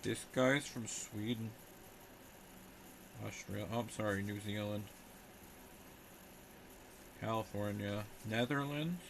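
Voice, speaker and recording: Young man, streamer, lowish voice, sarcastic rambling chat, noisy room audio. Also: slow, vocal fry, long pauses. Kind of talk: casual live-stream chat.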